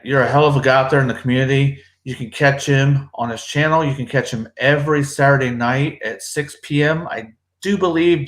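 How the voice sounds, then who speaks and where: This livestream host's mid-range voice is fairly bright, with a roomy sound. He keeps things laid-back and profane, talking up the guests on his casual stream.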